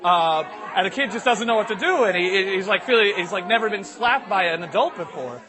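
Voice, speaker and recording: Young guy rambling thru a long joke, high voice, crowd noise all around. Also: lively intonation, brisk. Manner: rambling, lots of fillers. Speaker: storyteller. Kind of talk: comic storytelling to an audience.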